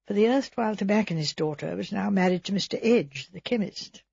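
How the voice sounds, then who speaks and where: A woman reading a story aloud as audiobook narrator, in an even storytelling manner. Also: mid-range voice, a little fast, creaky, breathy edge, dry recording, lo-fi sound. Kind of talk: scripted narration.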